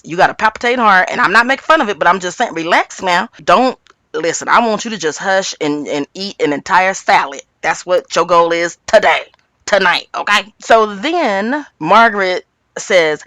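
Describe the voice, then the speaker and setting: A woman with a raspy voice hosting a casual reality TV recap, acting out what the cast members say. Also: normal speed, no room sound. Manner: animated, quotes cast members in big pitch jumps. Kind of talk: casual commentary.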